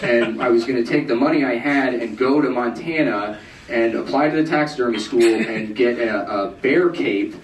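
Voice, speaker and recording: A man's voice: medium pitch, moderate pace, far from the mic. Stand-up man in a roomy club bootleg. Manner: deadpan, self-mocking, acts out voices of people in the story. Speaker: stand-up comedian. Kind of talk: stand-up storytelling. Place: live music club stage. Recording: roomy crowd bootleg from afar, noisy. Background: audience laughter.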